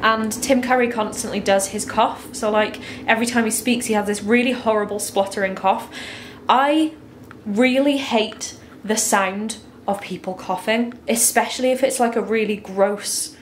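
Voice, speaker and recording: A woman's voice: on the high side, normal speed, a little hiss or hum. Giggly chatty woman vlogger. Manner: giggly and chatty, laughs at herself. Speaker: book vlogger. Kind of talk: casual vlog chat. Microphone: handheld phone camera.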